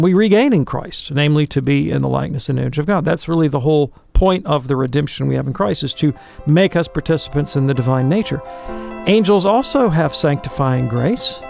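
A man answering listener questions on a radio call-in show, earnest and explanatory, slowing down to stress his points. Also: a little high, gravelly, darkish tone.

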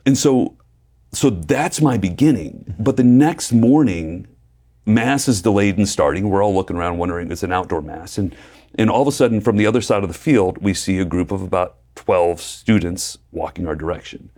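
A man, a preacher and guest, telling his faith story in a lively way, acting out quotes and laughing often. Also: low voice, normal speed, breathy edge. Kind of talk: personal testimony in conversation.

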